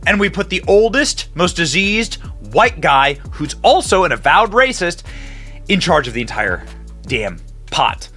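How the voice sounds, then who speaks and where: A man with a sharp, somewhat high voice hosts a political commentary podcast. He speaks sarcastically and mockingly, jumping between emphatic points and muttered asides.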